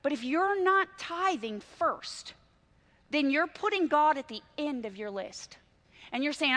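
A woman's voice: high-pitched, expressive, unhurried, fairly bright tone. A middle-aged woman preaching a sermon, telling stories with emphatic swings in volume.

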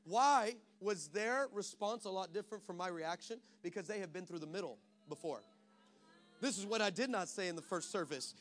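A man's voice: high-pitched, moderate pace, fairly bright tone, faint music behind. A pastor from Texas preaching a sermon, switching between self-mocking stories and a rising, emphatic preaching cadence.

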